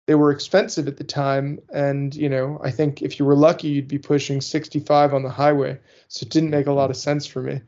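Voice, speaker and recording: A man's voice: on the high side, little pitch movement, a little fast, few pauses, a little mellow. Male podcast co-host, casual rambling chat, muffled lo-fi sound. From northeastern US. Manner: rambling, frequent fillers and restarts. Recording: muffled lo-fi audio.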